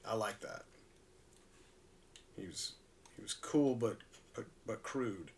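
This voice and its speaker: A man's voice: lowish voice, takes it slowly, pauses often, darkish tone, distant mic. Laid-back man rambling a little off-mic. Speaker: live-stream host. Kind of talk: casual chat while repairing a toy.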